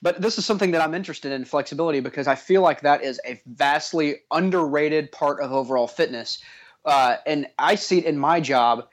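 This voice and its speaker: A man's voice: on the high side, brisk. A man co-hosting a podcast in casual chat, teasing his partner with dry sarcasm. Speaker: podcast co-host.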